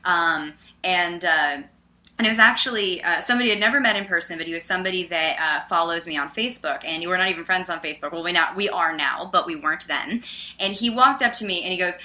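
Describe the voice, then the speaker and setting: Bright, animated woman telling a story. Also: fairly low pitch, quick pace. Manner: animated, loud, many fillers like "like" and "um". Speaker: podcast co-host. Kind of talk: casual storytelling chat.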